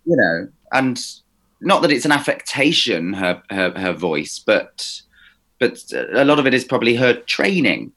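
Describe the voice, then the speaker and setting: A man's voice: medium pitch, unhurried. A man from Somerset with a slightly posh West Country accent, chatting animatedly as a podcast co-host. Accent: slightly posh West Country English. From Somerset, England. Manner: chatty, restarts often, animated. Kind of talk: casual chat.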